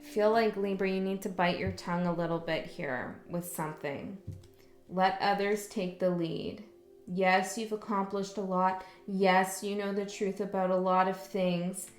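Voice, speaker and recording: A woman's voice: mid-range voice, steady tone, a little slow. A woman giving a casual spoken tarot reading, talking frankly and often checking in with the listener. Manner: chatty, frank, checks in with "okay?". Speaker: tarot reader. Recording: roomy echo, faint music.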